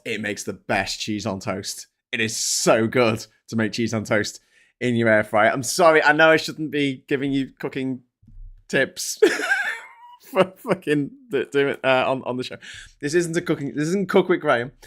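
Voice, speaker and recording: A man's voice: mid-range voice, normal speed. Sweary rambling man. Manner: sweary, rambling, easily sidetracked; excitable when thanking viewers. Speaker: livestream host. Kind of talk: casual rambling live chat.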